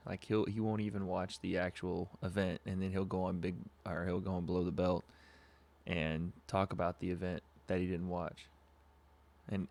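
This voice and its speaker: Low, flat-voiced laid-back young man. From Southern California. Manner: laid-back, rambling with frequent fillers and laughs. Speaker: podcast host. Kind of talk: casual livestream storytelling. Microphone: webcam.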